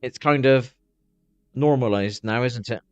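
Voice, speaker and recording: A man's voice: mid-range voice, unhurried, dry recording, dull audio. A man chatting loosely on a live stream while watching videos, swearing freely as he rambles.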